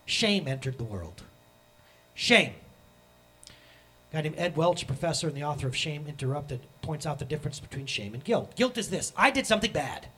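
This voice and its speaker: A man in his thirties preaching a sermon as pastor, animated and acting out the voices he quotes. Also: fairly high pitch, normal speed, pauses often, slightly rough.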